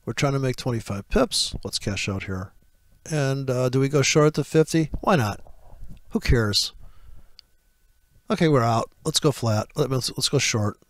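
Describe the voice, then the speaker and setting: A man giving excitable, profane live trading commentary, thinking out loud as he places orders. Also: mid-range voice, moderate pace, no echo. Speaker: forex trader.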